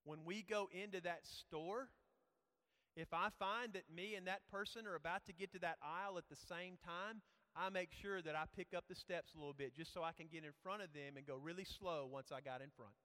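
Male pastor, somewhat high voice, earnest conversational sermon, long hall reverb. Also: brisk, sharp tone. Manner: earnest, conversational preaching with personal stories.

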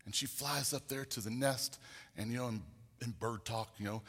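A man preaching from the pulpit, spinning a folksy story full of restarts and loose asides. His voice is bright and ringing, and a long hall reverb trails every phrase. He sits at an ordinary pitch for a man. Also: normal speed, slightly rough. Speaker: pastor. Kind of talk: sermon storytelling.

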